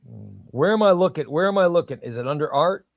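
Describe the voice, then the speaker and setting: Excitable man hosting a comics livestream. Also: a little high, quick pace, vocal fry, no echo, highs cut off. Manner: enthusiastic, rambling, excitable. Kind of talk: casual livestream chat, reading viewer comments.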